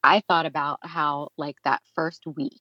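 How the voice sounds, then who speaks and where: A woman co-hosting a podcast, chatting in an expressive, talkative way from a remote setup. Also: sits low, a little slow, dry recording, muffled recording. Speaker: podcast co-host. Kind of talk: casual chat. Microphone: remote recording setup.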